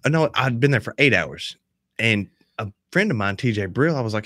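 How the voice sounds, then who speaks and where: A man's voice: fairly low pitch, fast, a bit bright, no echo, clean studio sound. A man hosting a podcast in casual chat, telling stories in a profane, rowdy way. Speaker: podcast host.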